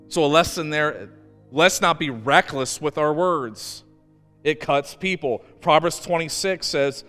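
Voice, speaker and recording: A man preaching a sermon as pastor, telling stories with emphasis and slowing down to stress key words. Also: fairly high pitch, pushed and bright, long reverb tail, soft background music.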